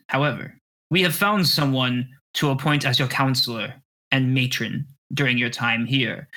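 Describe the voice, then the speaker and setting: A man's voice: medium pitch, pushed and bright, close to an everyday voice. A man voicing a stately male centaur who directs a magic academy, speaking formally and solemnly.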